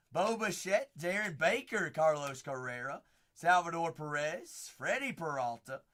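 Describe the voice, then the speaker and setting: This man hosts a live card break, reading off players and teams and talking to his viewers by name. His voice sits a little high and bright, and it leaps all over its range. He keeps an easy, unhurried pace. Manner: excitable, calls out players and teams, bursts into shouts on big pulls; chats with viewers by name between cards.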